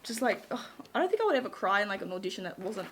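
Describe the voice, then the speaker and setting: A woman's voice: medium pitch, very animated, racing, a bit bright, slight background noise. A young woman chatting casually, bubbly and giggly, gushing as she recaps a show. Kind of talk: casual chat.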